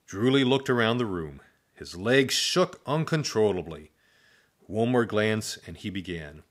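A man reading a children's story aloud in a playful, expressive way. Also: on the low side, a little slow.

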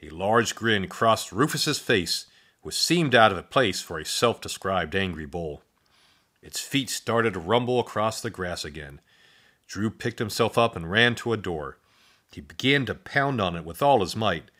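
A man's voice: on the low side, measured pace. Playful man reading a storybook aloud. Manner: expressive, playful read-aloud with sound effects. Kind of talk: storybook narration.

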